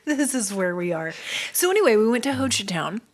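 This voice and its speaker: Woman, thirties, podcast co-host, teasing, upbeat, mid-pitched voice. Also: very animated. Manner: teasing, quick to laugh, upbeat. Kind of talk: casual sibling chat.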